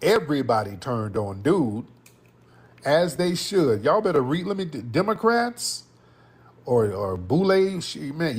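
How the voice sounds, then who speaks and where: A man's voice: a little high, big pitch swings, normal speed, a little mellow, breathy edge. A man giving political commentary in an emphatic, scolding way.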